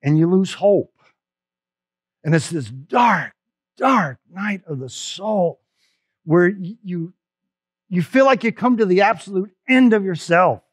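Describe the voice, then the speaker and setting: A man delivers a sermon as a pastor, telling personal stories in a conversational, emphatic way that stumbles and restarts as he goes. His voice sits high for a man. The sound is dry and close, with almost no room around it. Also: lively intonation, takes it slowly, pauses often, husky, no room sound. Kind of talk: Easter sermon.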